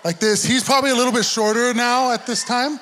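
A young man telling his conversion story in a casual, animated way. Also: very high-pitched, quick pace. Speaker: guest sharing testimony.

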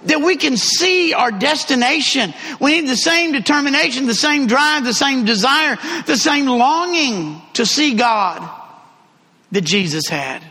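High, bright-voiced preacher in a hall. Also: male voice, measured pace. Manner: storytelling, lively, emphatic repetition. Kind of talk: sermon with personal story. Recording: long hall reverb.

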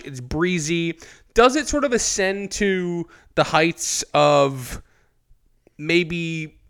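A man's voice: fairly high pitch, fairly bright tone, clear, resonant tone. A man in his thirties co-hosting a podcast, chatting casually and joking around. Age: 30s. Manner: jokey, quick banter with playful put-on voices. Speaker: podcast co-host. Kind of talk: casual chat.

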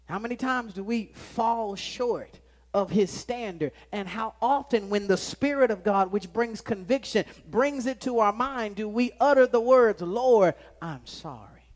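Preacher guy in a church, cracks jokes at the crowd, goes big then drops real soft. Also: sits high, a little slow. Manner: dynamic preaching, swings from loud emphasis to hushed tones; joking asides to the congregation. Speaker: pastor. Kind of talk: sermon. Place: church sanctuary with live congregation.

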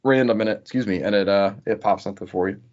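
A man's voice: fairly low pitch, fast, a little mellow, highs cut off. A man hosting a podcast, chatting loosely and casually about a video game, swearing freely. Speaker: podcast host. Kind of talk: casual gaming podcast chat.

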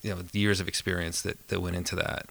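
Low gravelly man, bright dry voice. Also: fast, no echo. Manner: relaxed, thoughtful, amused storyteller. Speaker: photographer and filmmaker guest. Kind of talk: casual podcast interview.

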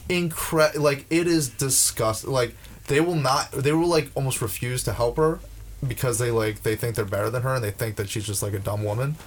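A man's voice: mid-range voice, normal speed. Ranting profane young man. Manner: profane, ranting, with many restarts. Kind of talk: casual chat.

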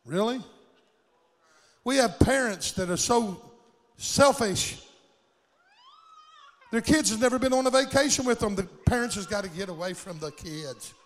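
Impassioned older preacher in a reverberant hall. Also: male voice, sits high, expressive, measured pace, pauses often. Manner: impassioned folksy preaching with plain country grammar. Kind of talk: sermon. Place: church sanctuary.

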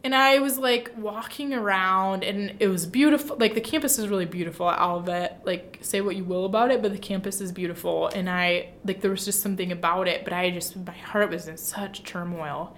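A young Midwestern woman recounts a personal story in casual conversation, animated and chatty, with "like" and other fillers sprinkled throughout. Her voice sits at medium pitch and moves fairly quickly with few pauses. A slight background noise can be heard.

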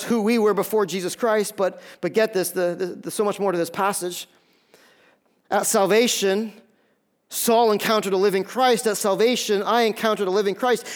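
A man preaching a sermon as pastor, emphatic, often repeating a word as he starts a phrase. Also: high-pitched.

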